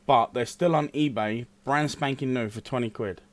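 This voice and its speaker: A man's voice: medium pitch, normal speed. A man co-hosting a casual podcast, teasing and needling the others. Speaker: podcast co-host. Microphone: cheap podcasting mic.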